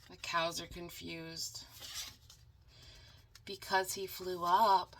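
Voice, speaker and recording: A woman reading a picture book aloud as a channel host, dramatic and animated, stopping for chatty asides to viewers. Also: on the low side, very slow, long pauses, slight background noise. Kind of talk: storybook read-aloud with asides.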